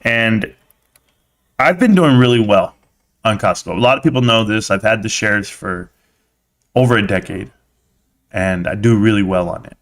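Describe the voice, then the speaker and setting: A man's voice: fairly low pitch, normal speed, long pauses. A chatty, blunt man hosting a live stream. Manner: chatty storyteller, slangy and blunt. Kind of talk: casual live stream chat.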